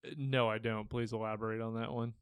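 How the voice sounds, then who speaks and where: A young man talks casually on a podcast, his voice smooth and clear. The sound is dry and close, with no room echo. He rambles through scene recaps with easy fillers. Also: on the low side, quick pace. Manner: relaxed, rambling retelling with fillers. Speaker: podcast co-host. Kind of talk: casual chat.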